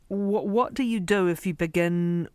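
A man's voice: high voice, a little slow, a little mellow, clear, resonant tone, dry recording. A man interviewing a guest, restating her points before asking probing questions.

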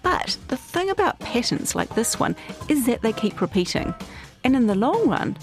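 A woman hosting and narrating a podcast in a measured, scripted way. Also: on the high side, very animated, soft background music. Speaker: host narrator.

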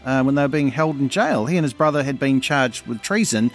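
A male radio host, chatting quickly and jokily on air. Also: mid-range voice, faint music behind. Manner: quick, jokey, animated. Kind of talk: breakfast radio chat.

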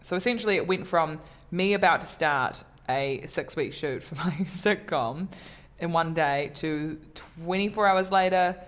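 A woman's voice: deep voice, unhurried, few pauses. A woman comedian chatting casually in an interview, talking in a self-deprecating way with many fillers and restarts. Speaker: comedian guest.

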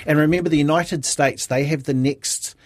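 A man's voice: steady tone, normal speed, a little hiss or hum. Chatty New Zealand man in his fifties. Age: 50s. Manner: chatty storyteller, acts out quotes with sudden high-pitched voices. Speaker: sports commentator. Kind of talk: casual radio chat.

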